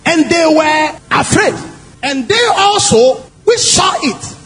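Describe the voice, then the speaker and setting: A man preaching a sermon in an emphatic, animated way, often asking the congregation questions. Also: very high voice, slow pace, raised voice. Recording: long hall reverb, faint music.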